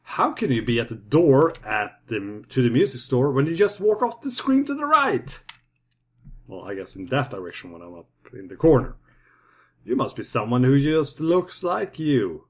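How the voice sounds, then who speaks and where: A man's voice: mid-range voice, very animated, moderate pace, slightly rough. A man doing wry, amused commentary on a game and reading its text aloud. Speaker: let's play commentator.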